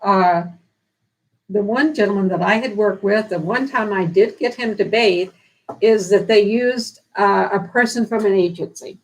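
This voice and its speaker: A down-to-earth woman talks casually on a live stream, giving practical care advice in an earnest, homespun way. She restarts and repeats bits of sentences as she works out her thoughts. Her voice sits at a middling pitch for a woman. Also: a little slow, low-quality recording. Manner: repeats and restarts phrases while thinking aloud.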